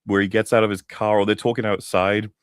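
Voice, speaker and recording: A man's voice: lowish voice, level tone, a little fast, clean tone, no echo, studio quality. A man co-hosting a review stream, chatting enthusiastically with restarts and swearing. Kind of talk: casual chat.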